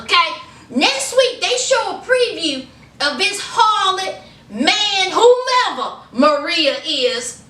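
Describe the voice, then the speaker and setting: Sassy, animated woman in an echoey room. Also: high-pitched, a little slow. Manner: sassy, animated storytelling with quoted voices. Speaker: reality TV recap vlogger. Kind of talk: casual commentary. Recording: echoey room, a bit far from mic, faint noise.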